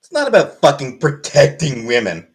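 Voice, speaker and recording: A woman's voice: extremely low pitch, wildly swooping pitch, moderate pace, vocal fry, rough recording. Profane, angry woman ranting live. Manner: mocking, exasperated. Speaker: livestreamer reading chat. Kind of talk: live-stream rant.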